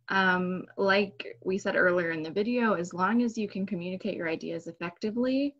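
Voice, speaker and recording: A woman English teacher on a discussion panel, giving measured, reassuring advice. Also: fairly low pitch. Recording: dull lo-fi sound.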